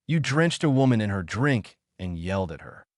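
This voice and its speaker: A man's voice: fairly low pitch, big pitch swings, normal speed, dry recording, clean studio sound. A man voicing a stern young student council president, speaking formally.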